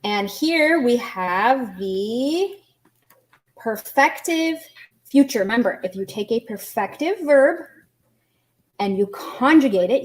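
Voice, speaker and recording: A woman with a fairly high, slightly mellow voice teaches an online language lesson. She explains grammar slowly and patiently, stopping to quiz her students with questions.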